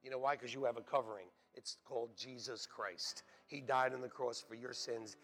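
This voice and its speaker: A man preaching a sermon as pastor, swinging between hushed, quiet passages and loud, shouted exclamations. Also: medium pitch, steady tone, moderate pace, few pauses.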